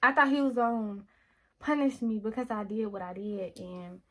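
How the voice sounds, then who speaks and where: A young woman, casually telling a personal faith testimony to viewers, animated, often calling them y'all. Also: mid-range voice, moderate pace, poor audio. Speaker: lifestyle vlogger. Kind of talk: casual storytelling while getting ready.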